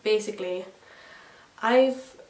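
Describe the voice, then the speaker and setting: A young beauty vlogger talks slowly in a medium-pitched, slightly mellow voice while doing her makeup, telling a chatty story and swearing without restraint. It's a get-ready-with-me vlog captured in an echoey room, with her voice distant and somewhat off-mic.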